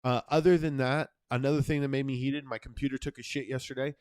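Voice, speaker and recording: A young man co-hosting a casual podcast, telling a story in a profane, animated way. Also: medium pitch, fast talker, clean tone, no room sound, clean studio sound. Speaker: podcast co-host.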